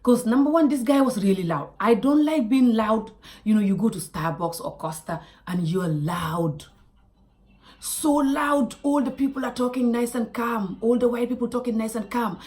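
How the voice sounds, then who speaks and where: Animated West African woman vlogger. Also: a little high, normal speed. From Gambia. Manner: animated, acts out others loudly, drops to hushed asides. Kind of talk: casual storytelling monologue.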